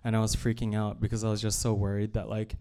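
On stage for an evening show, this comedian speaks fast in a lowish, monotone voice with a warm tone. His storytelling is chatty and self-deprecating, loaded with asides and fillers.

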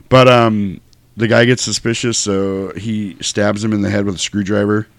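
A man co-hosting a podcast, chatting casually and profanely about a movie and slipping into quick impressions. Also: on the low side, level tone, dry recording. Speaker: podcast co-host. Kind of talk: casual movie-review chat.

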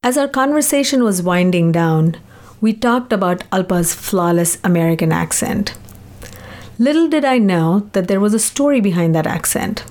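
A woman host reading scripted narration between interview clips in a measured way. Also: mid-range voice, expressive, a little mellow. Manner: measured storytelling delivery. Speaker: podcast host.

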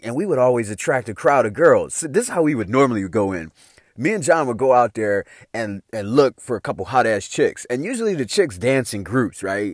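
A man's voice: medium pitch, no room sound, clean studio sound. A middle-aged man telling a casual anecdote in a profane, slangy way, laughing along as he goes. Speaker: storyteller.

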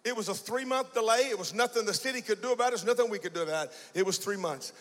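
A male pastor preaching a fervent sermon, storytelling and then shouting and chanting in bursts. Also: high-pitched, rapid-fire. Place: large church sanctuary. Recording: church hall with long reverb.

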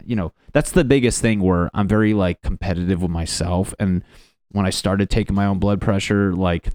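A young man with a low, deep voice talks to his viewers in a loose, rambling way. He swears a lot and makes fun of himself. The sound is dry and close, with no room echo. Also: a little mellow. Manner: rambling, profane, self-deprecating. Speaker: vlogger. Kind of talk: casual personal talk to camera.

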